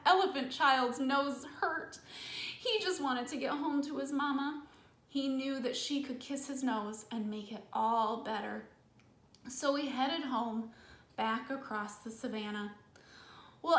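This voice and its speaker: Bright, animated woman telling a children's story. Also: sits high. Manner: animated, addresses young listeners. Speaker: children's librarian. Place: library. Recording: echoey room.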